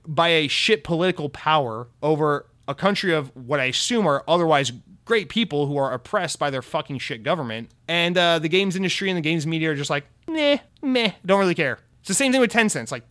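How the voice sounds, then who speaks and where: A man's voice: a little high, a bit bright. A young man from the United States hosting a podcast, ranting in a heated, sarcastic and profane way. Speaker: podcast host. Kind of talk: opinionated podcast rant.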